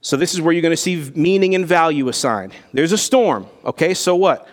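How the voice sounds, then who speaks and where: A man's voice: fairly high pitch, expressive, a little fast. A man preaching a sermon, reading scripture aloud and asking the congregation rhetorical questions. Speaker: pastor. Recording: long hall reverb.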